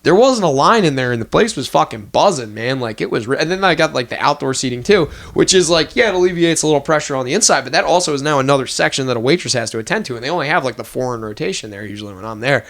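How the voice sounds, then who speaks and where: A young man talks in a fast, rambling podcast rant. His speech is full of fillers and swearing, at an ordinary mid-range pitch. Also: lively intonation, fairly bright tone. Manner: rambling, profane, fast ranting with many fillers. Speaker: podcast host. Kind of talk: casual chat.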